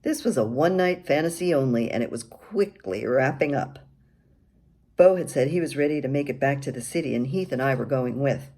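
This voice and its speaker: Older woman reading her memoir, wry and candid; low, mellow voice. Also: animated, fairly quick.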